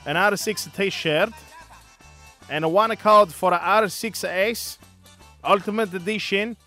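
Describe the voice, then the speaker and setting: Man faking a hammy Italian accent, excitable, broken grammar, bright voice. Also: high voice, soft background music, pitched above the performer's own voice, full character voice. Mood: excited. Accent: put-on Italian. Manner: broken grammar, drawn-out teasing.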